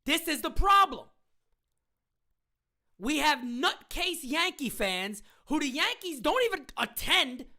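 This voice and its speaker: A woman hosting a fan live stream, ranting in a fiery, profane way, often shouting and repeating lines for emphasis. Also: high-pitched, very animated, takes it slowly. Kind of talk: heated live-stream rant.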